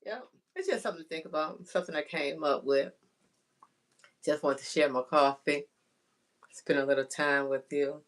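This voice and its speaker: A woman's voice: sits low, lively intonation, normal speed, pauses often, fairly bright tone. A chatty woman sharing homespun thoughts on faith with her viewers in a casual vlog. She talks in a rambling way and keeps looking for the right words. She often checks in with "right?" and talks straight to the listener. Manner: rambling, searching for words, frequent "you know" and "right?". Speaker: vlogger.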